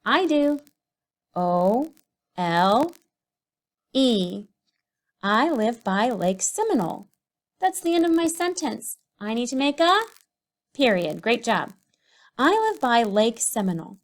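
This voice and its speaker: Woman teacher w a slightly high voice, slow sing-song kid lesson, sounds out every syllable. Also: very animated. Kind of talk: recorded writing lesson for young children.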